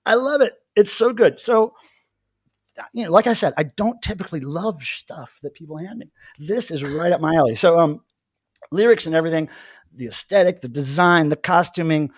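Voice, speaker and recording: Animated man hosting a livestream. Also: a little high, moderate pace, no echo, studio quality. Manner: animated, laughs often. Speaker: livestream host. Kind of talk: casual chat.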